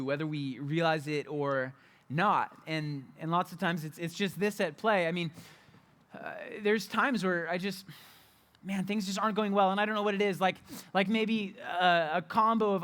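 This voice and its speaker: A man's voice: high voice, fairly bright tone. A young adult man preaching a candid, conversational sermon as a youth pastor, often repeating and restarting his phrases.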